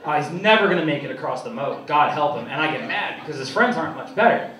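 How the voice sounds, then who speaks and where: A young man in his twenties doing a profane, self-mocking stand-up comedy routine on a club stage, with an animated delivery. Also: fairly high pitch, quick pace. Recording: echoey comedy club, distant mic, loud crowd. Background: loud audience laughter.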